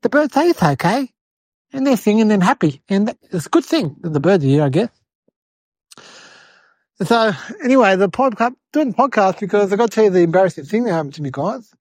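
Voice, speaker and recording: A woman voicing an eight-year-old city boy, telling a rambling comedic story in a whiny, excitable way. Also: mid-range voice, fairly quick, no echo. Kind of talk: comedic character monologue.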